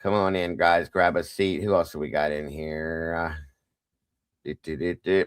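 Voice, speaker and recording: Low-voiced man greeting livestream viewers. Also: moderate pace, fairly bright tone, clean tone, no room sound, studio quality. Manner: greets viewers one by one, playful sing-song asides. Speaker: livestream host. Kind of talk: casual livestream chat.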